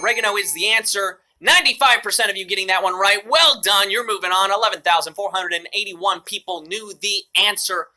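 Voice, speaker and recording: A man's voice: high voice, pushed and bright. A man hosting a live mobile trivia game show, upbeat and joking with playful asides.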